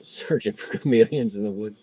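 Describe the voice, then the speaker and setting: A man's voice: on the low side, brisk, warm tone, husky, dull audio. A man, rambling casually to viewers during a delivery livestream. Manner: rambling, chatty, talks to viewers. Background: faint crickets and insects.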